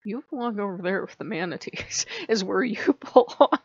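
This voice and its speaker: A woman voicing a calm, aloof great white shark spirit that speaks in a cool, matter-of-fact way. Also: medium pitch, normal speed, breathy edge, dry recording, lo-fi sound.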